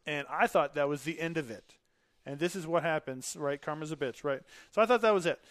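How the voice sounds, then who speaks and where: A man's voice: fairly high pitch, brisk, no room sound. A man in his thirties, a podcast guest, telling stories casually, laughing often and acting out the dialogue. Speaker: podcast guest, Air Force veteran. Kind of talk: casual storytelling.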